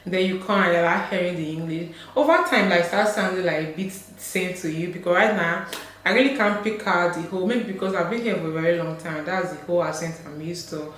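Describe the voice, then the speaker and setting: A woman's voice: fairly low pitch, brisk, a bit bright. Young Nigerian woman vlogger, Delta accent, chatty and laughing, recorded in a very echoey room with a faint hum. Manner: chatty, laughs often, acts out quoted voices. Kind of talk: casual chat to camera.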